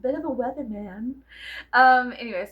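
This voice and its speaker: A woman from South Texas vlogs to camera in a slightly high voice at normal speed, and the recording's highs are cut off. Her casual chat is rambling, giggly, profane and full of fillers.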